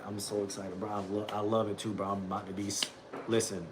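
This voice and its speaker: A man's voice: on the low side, level tone, normal speed, heavy background noise. A young man hosting a casual livestream, rambling and repeating himself, often saying bro as he talks about a daily Bible reading.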